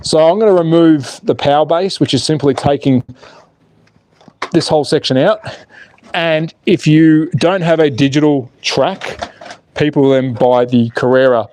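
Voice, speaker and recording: A man's voice: fairly high pitch, measured pace, darkish tone. An Australian man hosting a casual livestream, chatting and joking with viewers as he works on his slot car track. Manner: chatty and joking, reads viewer comments aloud.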